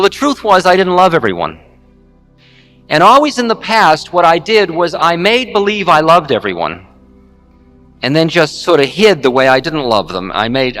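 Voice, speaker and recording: A man, a spiritual teacher, tells a story with candid, wry humor and lively pacing. His voice sits a little high for a man. Faint music plays underneath. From United States. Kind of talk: storytelling talk.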